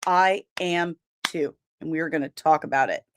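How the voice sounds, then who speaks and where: A woman's voice: sits low, moderate pace, a bit bright, slight background noise. A young woman hosting a casual livestream, chatting and greeting viewers by name, with easy laughs. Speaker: livestream host.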